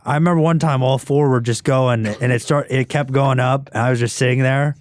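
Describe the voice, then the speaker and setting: A man's voice: medium pitch, steady tone, brisk, no room sound, studio quality. A man in casual podcast chat, telling a long story and filling it with "like" and restarts. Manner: rambling storyteller, heavy use of "like".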